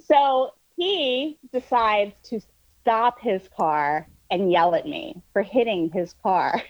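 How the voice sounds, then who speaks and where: Animated New woman telling a story. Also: mid-range voice, slow pace, no echo, highs cut off. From New York. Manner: animated storytelling, many fillers, swears freely. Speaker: guest storyteller. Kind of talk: casual chat.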